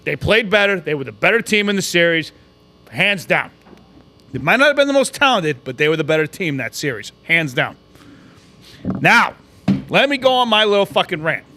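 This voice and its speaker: A man, co-hosting a podcast, ranting loudly about basketball with constant swearing and frequent shouting. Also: high-pitched, big pitch swings, normal speed, long pauses, a little hiss or hum. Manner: loud, swearing, shouting often. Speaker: podcast co-host. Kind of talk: profane sports rant.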